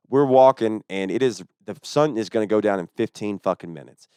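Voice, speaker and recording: A man, a stand-up comedian, telling a story on a podcast in an animated, profane and exasperated way. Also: fairly low pitch, a little fast, clear, resonant tone, no room sound, clean studio sound. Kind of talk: casual storytelling chat.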